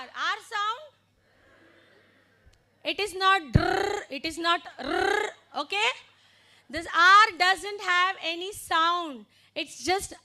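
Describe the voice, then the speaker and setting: Woman, teacher trainer, very high bright voice, slow phonics demonstration. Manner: slow, deliberate modeling of letter sounds and chants.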